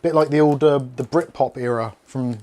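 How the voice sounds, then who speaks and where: A man from England talks loosely through a tech unboxing. He rambles, cracks small jokes and breaks off to talk to his pets and his viewers. His voice sits at an ordinary middle pitch for a man. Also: moderate pace, darkish tone, a little hiss or hum. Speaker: tech video host. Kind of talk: casual unboxing chat.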